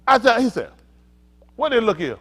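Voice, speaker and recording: A man's voice: extremely high pitch, brisk. A man preaching an interactive sermon, teaching in casual vernacular and checking in with listeners. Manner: animated, calls out to listeners, laughs and shouts at times; casual vernacular, asks "y'all understand?". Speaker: pastor.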